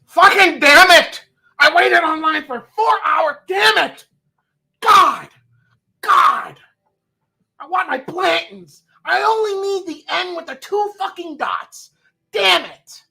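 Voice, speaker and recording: A man playing a furious man who missed out on a sought-after bourbon, shouting and cursing. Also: very high-pitched, lively intonation, slow pace, gravelly, pitched above the performer's own voice, full character voice.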